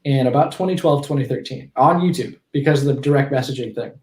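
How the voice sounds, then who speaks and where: A man's voice: mid-range voice, fast, a little mellow, reverberant. A man in his twenties, a podcast guest, telling stories casually, with frequent restarts and self-corrections. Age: 20s. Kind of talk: casual storytelling in a conversation.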